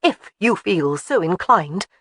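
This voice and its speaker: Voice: medium pitch, expressive, a bit bright, slight background noise. A narrator voicing a courageous young bride who snaps back and argues with her husband, in a storybook reading. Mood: defiant. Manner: quick to snap back, argumentative.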